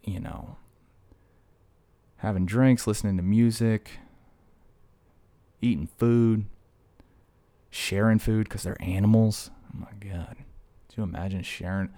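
A man's voice: fairly low pitch, fairly even intonation, takes it slowly, long pauses, mellow. A man talking casually to camera in a vlog, rambling and joking as he drifts between stories. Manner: joking, digressive storytelling. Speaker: vlogger.

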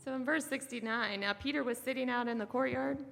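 A woman reading Bible passages aloud in a steady, measured way during a sermon. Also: fairly high pitch, vocal fry. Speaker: scripture reader. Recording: echoey hall reverb.

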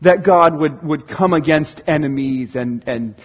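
A man preaching from the pulpit in a high, husky voice, full of rhetorical questions. He swings from hushed asides to loud bursts. The recording sounds a little muffled. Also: measured pace. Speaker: pastor. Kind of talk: sermon.

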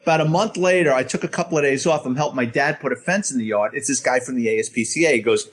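A middle-aged man, a former police officer telling a profane, animated story and acting out the dialogue in a casual talk. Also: medium pitch, fast, hardly any pauses, breathy edge. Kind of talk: casual anecdote on a podcast.

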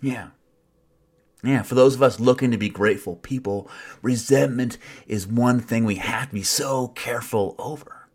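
A man's voice: mid-range voice, normal speed, a little mellow, slightly rough. Earnest man giving a wry sermon. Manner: earnest, wry, self-mocking asides. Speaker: preacher. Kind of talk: reflective sermon.

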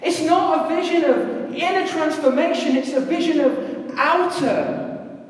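A woman's voice: high voice, a little slow, distant mic. Conversational woman preaching in an echoey hall. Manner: conversational, asks the listeners rhetorical questions. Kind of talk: sermon. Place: large church hall.

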